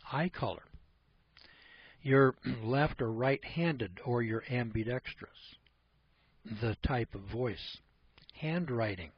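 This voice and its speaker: A man hosting a radio talk show, with a husky, slightly rough voice at an ordinary middle pitch. He talks in a blunt, folksy, rambling way. The recording is dull and lo-fi, like an old radio broadcast. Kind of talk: casual radio commentary.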